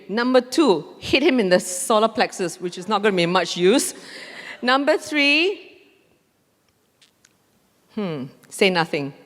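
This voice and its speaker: A woman speaks into a stage mic at a conference, telling an animated story. Her voice sits at an ordinary middle pitch. Long reverb trails each phrase through the large hall. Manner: animated, acts out dialogue with laughs. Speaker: mindfulness trainer giving a conference talk. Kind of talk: storytelling lecture.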